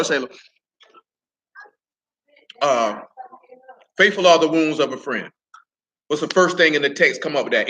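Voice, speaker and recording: A man's voice: on the high side, pushed and bright, a little hiss or hum, low-quality recording. A man leading an interactive Bible study, talking casually, teasing and quizzing his listeners by name. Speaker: Bible teacher.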